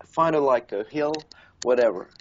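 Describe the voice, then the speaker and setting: A man's voice: medium pitch, expressive, normal speed, slight background noise. A man from Norway, casually telling profane, laughing stories as a podcast co-host. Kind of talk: casual chat. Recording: dull lo-fi recording.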